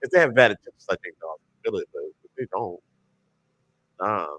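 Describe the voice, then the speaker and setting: Animated man with dry close sound. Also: lowish voice, brisk, no room sound. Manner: animated, rambling with many restarts and slang. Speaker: podcast co-host. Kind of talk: casual chat.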